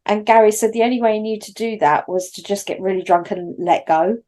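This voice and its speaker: A woman co-hosting a film podcast, trading trivia in relaxed, casual conversation. She chats easily, swears now and then and laughs along, with a middling pitch for a woman. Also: fairly quick. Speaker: podcast co-host.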